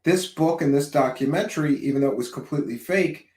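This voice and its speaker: A man's voice: a little high, fast, darkish tone. A man hosting a podcast interview, joking and teasing his guest in casual chat. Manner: joking, teasing, playful asides. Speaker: host. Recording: echoey room.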